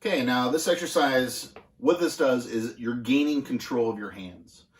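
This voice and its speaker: Relaxed drum teacher in an echoey room. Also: male voice, medium pitch, slight background noise. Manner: relaxed, halting with many fillers. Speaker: drum instructor. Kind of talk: casual instructional demonstration. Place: music school practice room.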